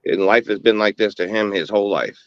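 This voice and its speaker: A man's voice: fairly low pitch, fairly quick, no echo, lo-fi sound. A man chatting casually, telling things in a wry, sarcastic way. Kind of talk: casual profane chat.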